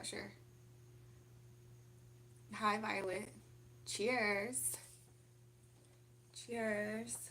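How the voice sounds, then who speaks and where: A woman's voice: mid-range voice, fairly bright tone, slight background noise. Chatty young woman livestreaming. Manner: chatty, laughs often, reads chat aloud. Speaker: livestream host. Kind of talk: casual livestream chat.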